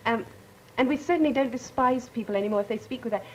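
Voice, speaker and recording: A woman's voice: fairly high pitch, highs cut off, a little hiss or hum. A teenage girl from England with an English accent, speaking articulately as a student panelist. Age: teens. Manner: quick, articulate.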